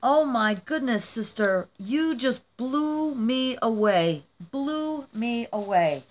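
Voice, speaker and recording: A woman's voice: on the high side, lively intonation, slow pace. A woman vlogging as she opens gifts, gushing and emotional, crying happy tears. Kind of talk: casual vlog, opening gifts.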